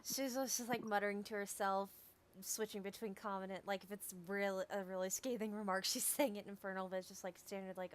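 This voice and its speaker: A woman's voice: medium pitch, fairly even intonation, a little fast, hardly any pauses. A woman playing a tabletop game and describing her character in a rambling, filler-heavy way. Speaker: player. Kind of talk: casual tabletop play.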